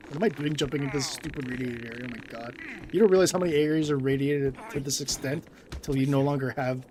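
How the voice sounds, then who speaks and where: Man, game streamer, casual commentary, rambling, self-amused, middle pitch, noisy game ambience. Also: fairly even intonation, fast.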